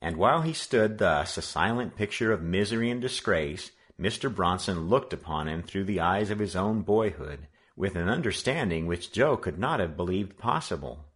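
A man reading a children's novel aloud in an expressive, measured way. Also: low-pitched, breathy edge. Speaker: audiobook reader. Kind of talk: read-aloud narration.

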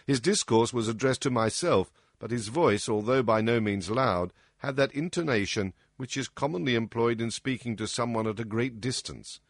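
A man reading a story aloud as narrator, in a measured, formal storytelling manner. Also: mid-range voice, no room sound, clean studio sound. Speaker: audiobook narrator. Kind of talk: scripted narration.

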